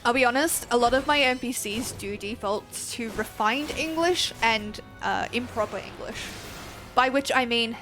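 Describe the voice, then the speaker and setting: A young woman with an Australian accent talks through her game in a loose, chatty live-stream ramble. She swears easily, laughs often, and shouts at the enemies on screen. Her voice sits high, with soft game music playing underneath. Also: moderate pace. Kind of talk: casual live-stream chat while gaming.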